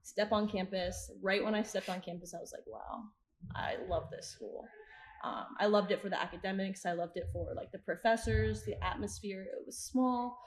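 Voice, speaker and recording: A young woman in her twenties chats through her stories as a podcast guest. She acts out her own past lines and laughs often. Her voice sits at an ordinary pitch in an echoey room. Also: fairly even intonation, fairly quick, hardly any pauses, slight background noise. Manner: chatty, retells scenes with quoted asides and frequent laughs. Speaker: podcast guest, soccer coach. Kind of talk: casual interview storytelling. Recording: roomy echo.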